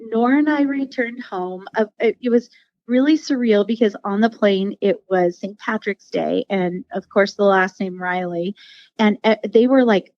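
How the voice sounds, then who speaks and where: A woman's voice: medium pitch, dry recording, muffled recording. A woman guest on a podcast, telling a personal story in a heartfelt, rambling way, with many fillers and restarts. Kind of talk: casual storytelling interview.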